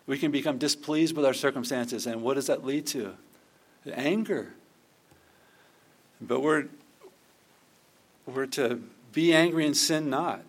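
A man's voice: mid-range voice, unhurried, pauses often. A middle-aged man preaching a conversational sermon, often acting out quoted prayers. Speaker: pastor.

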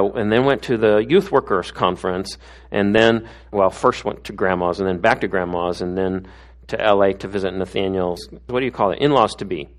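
A middle-aged man giving a conversational sermon as a pastor, often tossing in tag questions. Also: fairly low pitch.

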